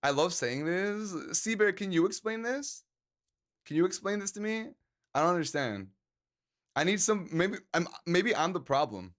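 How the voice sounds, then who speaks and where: A man's voice: high-pitched, lively intonation, normal speed, a bit bright. A man live-streaming and chatting casually with his viewers, joking around and laughing often.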